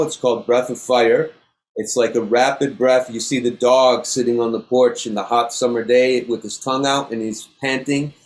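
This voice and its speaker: Calm man guiding a breathing class. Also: mid-range voice. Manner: calm, instructive, gives step-by-step cues. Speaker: yoga instructor.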